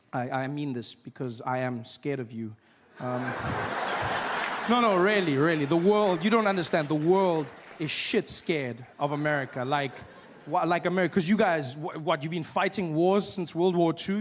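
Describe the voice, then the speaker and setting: A man performing a stand-up comedy set, animated and acting out characters in loud voices. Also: moderate pace, slight background noise. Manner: animated, acts out characters with shouted high-pitched voices.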